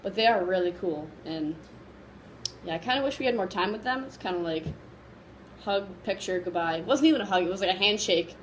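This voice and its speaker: A woman's voice: mid-range voice, fairly quick, a little hiss or hum, rough recording. Gushing young woman vlogger. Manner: excited, gushing, rambling with many fillers. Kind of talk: casual storytelling to camera.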